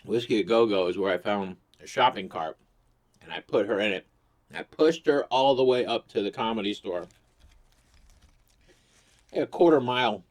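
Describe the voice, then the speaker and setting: A man with a fairly low voice tells a comic story to camera in a casual, rambling way. He swears freely and keeps the delivery crude and loose. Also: normal speed, long pauses. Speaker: host.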